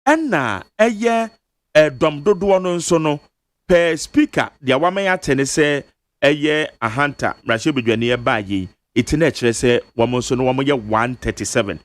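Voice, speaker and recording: A man's voice: medium pitch, moderate pace, dry recording. A Ghanaian man hosting a radio talk show, reading legal text and explaining it step by step with emphasis. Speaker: radio host. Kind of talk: radio talk-show discussion mixing Twi and English. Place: radio studio.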